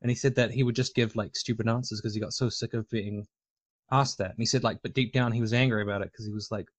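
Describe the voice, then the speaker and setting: A man's voice: on the low side, steady tone, quick pace. A man talking casually on a discussion panel, rambling with lots of fillers and restarts.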